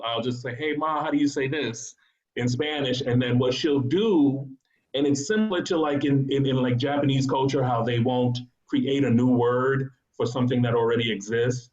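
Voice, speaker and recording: A man's voice: mid-range voice, highs cut off. A man on a discussion panel, telling family stories in a loose way, with many restarts and laughs. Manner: storytelling, frequent restarts and laughs. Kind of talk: casual discussion.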